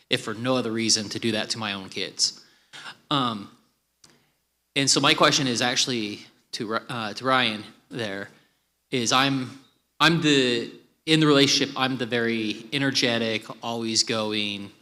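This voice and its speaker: A man in the audience asking an earnest question, a little nervous and energetic. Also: fairly low pitch. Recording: long hall reverb.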